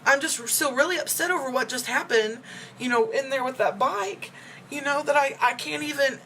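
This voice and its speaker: Speaking a little fast in a high, somewhat bright voice with lively intonation, a young woman vlogger rambles through an emotional story, upset and full of fillers. It's a casual personal check-in video with slight background noise.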